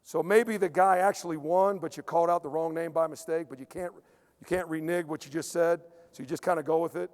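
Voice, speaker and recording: A man, a strength coach, giving an emphatic conference lecture, repeating key points and dropping into quiet acted-out asides. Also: on the high side, fairly even intonation, brisk. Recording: long hall reverb.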